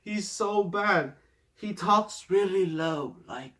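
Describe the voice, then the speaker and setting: A man's voice: a little high, fairly even intonation, takes it slowly, fairly bright tone. A man hosting a casual movie review rant, exasperated and rambling, often breaking into laughter. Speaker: movie reviewer, host of the show.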